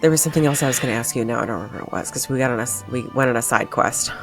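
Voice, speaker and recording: A woman with a low, dark-pitched voice hosting a book club chat. She talks casually and animatedly, often laughing. Faint music plays behind her. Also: racing. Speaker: podcast host.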